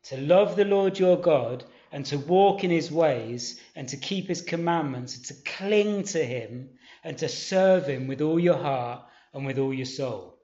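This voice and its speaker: This preacher's voice is mellow and on the high side, expressive, measured, and nearly pause-free. He speaks casually, poses questions to the listeners, reads scripture aloud, and exhorts them urgently. The recording is lo-fi and dull, with hall echo.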